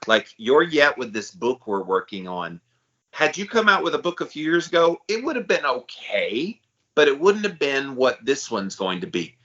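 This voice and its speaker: Bright-voiced, enthusiastic male podcast co-host. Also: mid-range voice, sing-song, normal speed. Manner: enthusiastic, self-described hype guy. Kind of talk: casual podcast chat. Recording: slightly dull, lo-fi sound.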